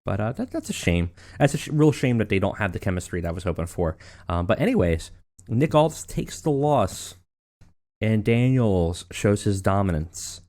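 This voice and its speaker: A man's voice: fairly low pitch, sing-song, normal speed, darkish tone. A man casually narrating a wrestling management game, rambling with many fillers. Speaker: let's play narrator.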